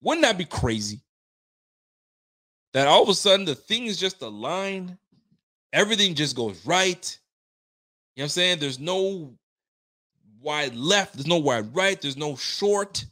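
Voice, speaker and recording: A man hosting a live stream and reading viewer comments in casual, slangy fan chat, swearing freely and getting himself worked up with excitement. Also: fairly high pitch, a little slow, long pauses.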